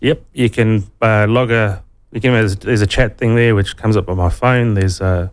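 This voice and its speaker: A man with a South African accent, a financial adviser explaining investing in a relaxed way, with many ums, in a radio interview. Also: lowish voice, normal speed, smooth.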